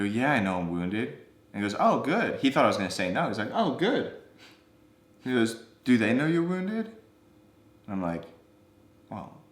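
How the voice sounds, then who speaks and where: Young man telling a story in an echoey room. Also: lowish voice. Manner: animated, acts out quoted dialogue. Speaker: co-host of a couple's channel. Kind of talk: casual storytelling.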